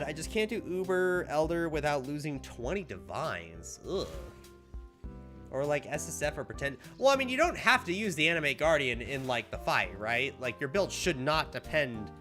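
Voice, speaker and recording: A man's voice: on the high side, sing-song, moderate pace, fairly bright tone, faint music behind. A man streaming a game, chatting casually with viewers in an upbeat way, full of fillers. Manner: chatty, upbeat, reads chat aloud, full of "like" and "right?".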